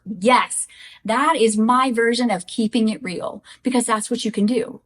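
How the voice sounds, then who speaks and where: A woman's voice: on the high side, normal speed. Middle-aged woman vlogging, earnest and direct, talking right to the camera. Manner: earnest, direct, addresses viewers as guys. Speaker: widow sharing grief lessons. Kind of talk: candid personal vlog talk.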